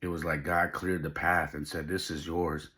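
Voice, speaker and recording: A man's voice: a bass voice, flat delivery, normal speed, sharp tone. A middle-aged man hosting a podcast, telling a personal story in an emotional, heartfelt way. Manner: emotional, heartfelt, faith-driven. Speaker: podcast host.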